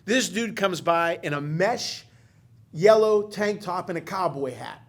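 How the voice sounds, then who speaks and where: A man's voice: high-pitched, expressive, measured pace. A man hosting a podcast, telling rambling, emotional stories in casual chat and often laughing at them. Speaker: podcast host.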